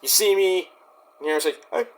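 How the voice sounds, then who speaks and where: A man speaks straight to the camera in a rambling vlog rant, his voice sitting high for a man. He is indignant and defensive, repeats himself, restarts his sentences and swears freely at the people who doubt him. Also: animated, normal speed, a bit bright. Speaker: YouTube wrestling reviewer. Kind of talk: ranting vlog address to critics.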